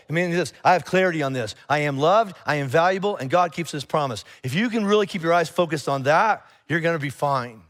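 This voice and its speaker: A man preaching a sermon to a church congregation in a conversational, animated way, acting out little exchanges of dialogue. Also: a little high, quick pace, few pauses. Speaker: pastor. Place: church auditorium.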